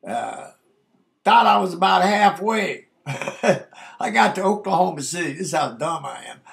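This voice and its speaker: A man's voice: a little high, fairly bright tone. An older man telling a rambling, folksy story from his past, dropping "man" into nearly every sentence. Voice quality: gravelly. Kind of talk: casual spoken memoir.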